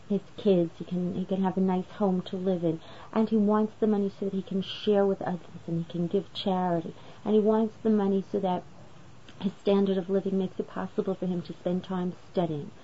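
Explaining a religious text passage by passage, a woman teaching Torah asks rhetorical questions in a flat, mid-pitched, fairly quick delivery. The slightly muffled, lo-fi recording carries a faint hiss.

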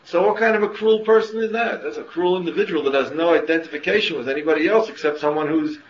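A man's voice: fairly high pitch, fast. A man teaching a class on Jewish thought, lecturing with rhetorical questions and frequent restarts. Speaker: Torah teacher. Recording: muffled roomy classroom recording with faint ambience.

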